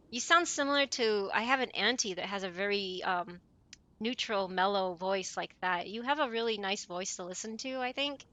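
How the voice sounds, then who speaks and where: A woman's voice: a little high, pushed and bright. A woman streamer in casual voice chat with friends, chatty and apologetic, with a chirpy voice. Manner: chatty, apologetic, quick laughs.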